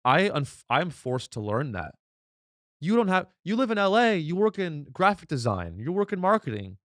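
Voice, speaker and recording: A man's voice: on the high side, sing-song, moderate pace, fairly bright tone, dry recording. Sarcastic man ranting, dry close sound. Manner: mock-outraged, ironic, rambling with restarts. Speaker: comedy podcast host. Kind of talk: sarcastic comedic rant.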